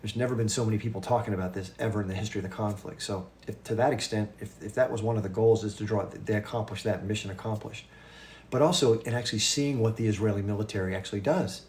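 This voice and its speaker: A man in his fifties hosting a livestream and chatting casually with viewers, talking fast with restarts and quick asides. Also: on the low side, fairly even intonation, a little mellow, a little hiss or hum. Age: 50s. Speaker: livestream host.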